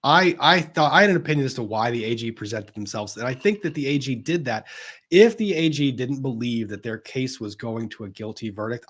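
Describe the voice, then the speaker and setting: A male attorney hosts a live stream, reading viewer comments aloud and giving frank, conversational replies. His voice is husky and sits at an average pitch for a man. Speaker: attorney and livestream host.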